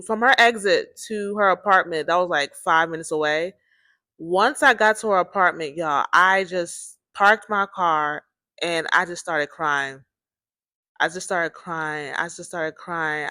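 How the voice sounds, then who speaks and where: A woman with a low-ish, sharp-toned voice hosts her own series, recorded with clean studio sound and no echo. She tells a personal story in a casual, rambling way, repeating herself and addressing listeners as "y'all."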